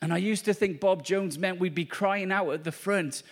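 A man's voice: sits high, normal speed. A man preaching a charismatic sermon at a church meeting, fervent and repetitive, exclaiming to the congregation.

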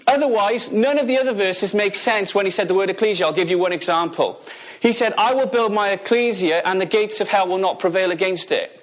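A man's voice: high voice, brisk, hardly any pauses, a bit bright. A man preaching a sermon, emphatic, asking the audience questions and repeating key phrases.

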